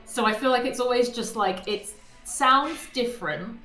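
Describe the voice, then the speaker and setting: A woman's voice: on the high side, moderate pace, pushed and bright, far from the mic. A woman with a London accent co-hosting a game stream, thinking aloud with hesitant fillers. Her voice is roomy, with faint game music in the background. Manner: thoughtful, hesitant, many fillers. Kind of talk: casual chat.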